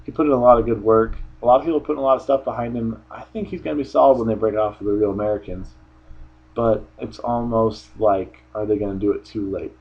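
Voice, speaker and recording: A man's voice: fairly low pitch, quick pace, lo-fi sound. A man giving a casual solo review of a wrestling show, rambling offhand with frequent restarts.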